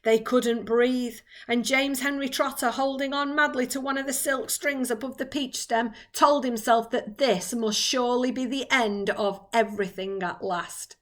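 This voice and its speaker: A woman's voice: sits high, fairly even intonation, normal speed, few pauses, fairly bright tone. A woman teacher reading a children's book aloud with dramatic expression.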